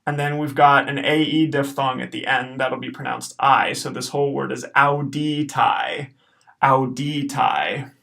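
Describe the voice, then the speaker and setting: A male teacher with a gravelly edge in his voice, giving a recorded Latin pronunciation lesson. He goes word by word, saying each one slowly and then repeating it so the learner can follow. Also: mid-range voice, flat delivery, pushed and bright.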